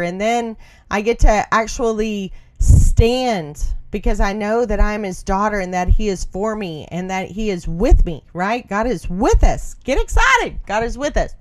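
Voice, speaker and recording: A middle-aged woman offers heartfelt devotional encouragement in a voice of ordinary pitch. She speaks earnestly, circles back on her phrases and checks in with her listeners as she goes. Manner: earnest, repeats phrases, often trails into "right?".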